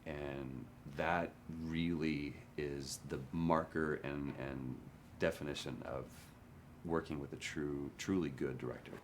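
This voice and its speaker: A male actor candidly recalling a hard shoot, frank and at times dropping to a hush. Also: extremely low pitch, fairly even intonation, slow pace, a little hiss or hum. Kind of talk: candid interview recollection. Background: music.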